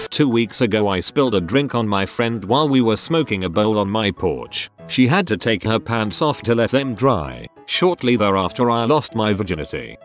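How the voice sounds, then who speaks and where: Man, scripted story narration, low voice, animated pitch, wry amused delivery. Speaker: narrator reading online stories.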